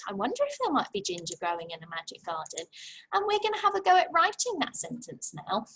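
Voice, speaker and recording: English woman, infant teacher, phonics lesson, encouraging, husky, fairly high voice. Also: fairly bright tone, poor audio. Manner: slow, exaggerated sounding out of letters; encouraging and praising. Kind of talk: phonics lesson for young children.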